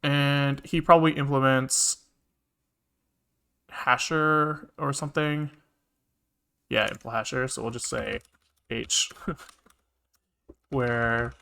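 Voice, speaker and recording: Keyboard clicks and typing run beneath a man who codes on a live stream, muttering his thoughts aloud and swearing casually. His mid-range voice is gravelly yet bright, forceful, and clean.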